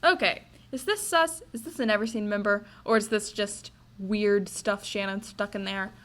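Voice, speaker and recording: A woman's voice: medium pitch, normal speed, fairly bright tone. A young woman co-hosting a podcast in a casual book-discussion chat, talking through her notes and reading passages aloud. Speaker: podcast co-host.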